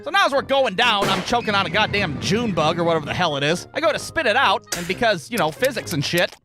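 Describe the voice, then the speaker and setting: Lively, high-voiced sarcastic young man. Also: quick pace, music in the background. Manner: sarcastic, animated, swears a lot, acts out voices. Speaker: comedic storyteller. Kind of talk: comedic storytelling, profane rants.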